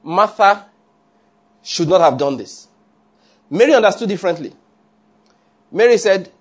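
A man's voice: high voice, expressive, moderate pace, pauses often, slightly rough. A man preaching a conversational sermon, often checking that listeners follow.

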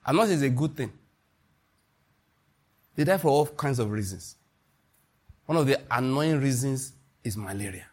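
A man with a Nigerian accent preaching a sermon as a pastor, animated and emphatic, with sudden high rises on key points. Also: moderate pace, pauses often.

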